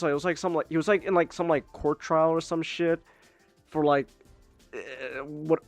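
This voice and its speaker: A man's voice: medium pitch, no room sound. A man chatting casually on a stream, rambling with many restarts and swearing. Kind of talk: casual chat.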